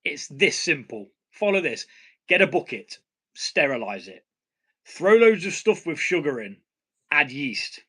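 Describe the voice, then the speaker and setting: British male home-brew streamer, casual and blunt, fairly high, bright voice. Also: big pitch swings, measured pace, breathy edge. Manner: blunt, swears casually, laughs at himself. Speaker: home brewing channel host. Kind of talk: casual live stream chat.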